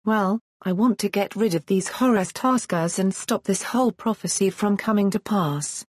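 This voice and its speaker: A woman voicing an arrogant, rattled male dark god in an audiobook story, in a husky voice. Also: mid-range voice, normal speed, no echo, studio quality, lightly acted. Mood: frustrated. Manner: arrogant, pleading.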